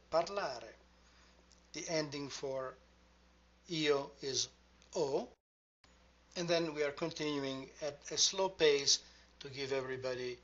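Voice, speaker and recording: Male language teacher, patient and deliberate, unhurried pace, slightly raised pitch. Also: fairly bright tone. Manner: patient, measured, spelling out each form. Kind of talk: slow, deliberate grammar lesson. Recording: dull lo-fi sound.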